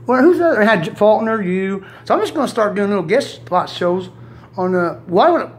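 A man's voice: sits high, lively intonation, a little fast. A man hosting a casual, crude comedy chat show, rambling, swearing and laughing often. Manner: profane, rambling, laughs a lot. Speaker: host.

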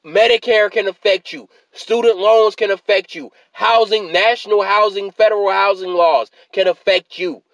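A man's voice: high-pitched, fairly even intonation, normal speed, few pauses, fairly bright tone, no room sound, poor audio. A man ranting in a video essay, exasperated and repeatedly demanding what people are talking about, tired after a work shift. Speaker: political commentator.

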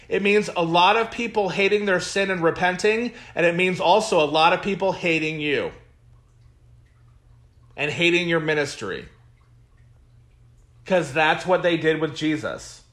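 Slow, emphatic preaching man. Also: high-pitched, fairly bright tone. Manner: emphatic, repetitive preaching cadence; reads scripture aloud with comments. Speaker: pastor. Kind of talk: Bible study teaching.

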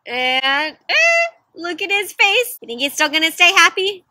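High, bright-voiced storyteller woman. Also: a little slow, no echo. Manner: animated, gasping, asks children questions. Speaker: children's storyteller. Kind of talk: interactive read-aloud for kids.

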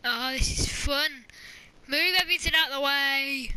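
A woman's voice: high voice, bright, forceful tone. A woman commenting while playing a horror game, chatty and joking, with shrieks at scares. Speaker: gamer. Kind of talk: let's play commentary.

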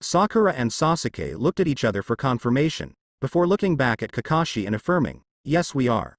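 A man narrating a fan fiction story with expressive delivery. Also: medium pitch, brisk, no room sound.

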